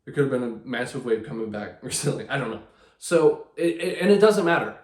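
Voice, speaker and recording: A man's voice: mid-range voice, lively intonation, brisk, darkish tone. Rambling sarcastic man, echoey room. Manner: rambling, sarcastic, with many restarts. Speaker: channel host. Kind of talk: casual talk about card collecting.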